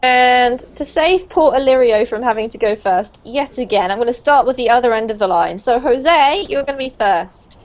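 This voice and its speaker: Bright-voiced woman teaching pronunciation. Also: a little high, expressive, normal speed, few pauses. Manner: encouraging, praising students. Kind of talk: online group class teaching. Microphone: video call. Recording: muffled lo-fi video call audio.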